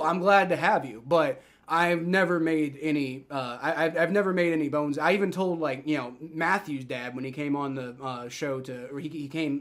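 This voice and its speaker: A young man hosting a live football reaction stream, swearing and shouting in outrage at the referees, then talking casually to his chat. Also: a little high. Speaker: livestream football reaction host. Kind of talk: live sports reaction commentary.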